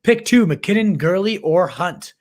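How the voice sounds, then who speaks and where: Male livestream host, slightly higher voice, hyped and slangy, thinks aloud with restarts. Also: lively intonation, measured pace. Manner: hyped, slangy, calls viewers "baby" and "my dude"; restarts and repeats words while thinking aloud. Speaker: fantasy football livestream host. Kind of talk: casual live Q&A chat.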